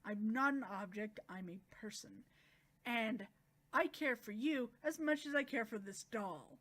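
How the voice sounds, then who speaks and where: A blunt, sharp-tongued young girl who refuses to be treated as a god's possession, as a woman reads her lines in a manga recap. The voice is fairly high and plain. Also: unhurried. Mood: earnest. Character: defiant young girl, a god's reluctant bride.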